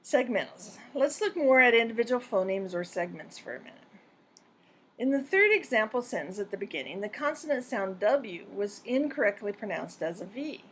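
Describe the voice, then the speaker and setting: A woman narrating a scripted pronunciation lesson in a clear, deliberate and measured way. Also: on the high side, very animated. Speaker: pronunciation teacher.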